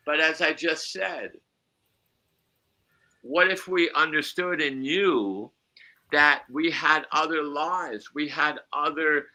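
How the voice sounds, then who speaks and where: A man's voice: on the high side, pushed and bright. A man hosting a podcast as a psychic medium, chatting casually in a rambling way with chuckling asides.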